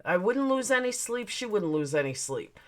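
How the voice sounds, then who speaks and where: A woman's voice: mid-range voice, sing-song, moderate pace. A woman venting on her livestream, her voice swinging widely up and down as she gets heated. She swears freely and stops mid-rant to welcome people by name. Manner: heated, profane, greets chatters mid-rant. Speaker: livestream host.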